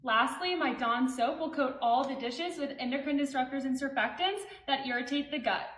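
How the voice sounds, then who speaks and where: A woman performs a comedy skit in a mock-sweet, sarcastic tone. Her voice is high, and the room echoes around her. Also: moderate pace, fairly bright tone.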